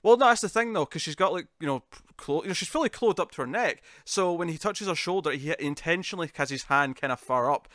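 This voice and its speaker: A man's voice: on the high side, fast, hardly any pauses, no room sound. Laughing man, dry close sound. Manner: laughing often, animated impressions. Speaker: podcast co-host. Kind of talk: casual review chat.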